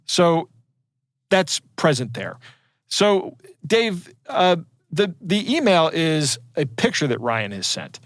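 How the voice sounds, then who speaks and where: A man's voice: on the high side, sing-song, slow pace, a bit bright, dry recording, studio quality. A man co-hosting a podcast in casual chat, digressing and restarting his sentences, with a chuckle between points. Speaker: podcast co-host.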